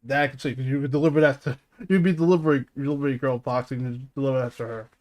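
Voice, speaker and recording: A man's voice: mid-range voice, steady tone, rapid-fire, darkish tone. A man hosting a casual stream podcast, rambling and laughing often, swearing freely and restarting his sentences.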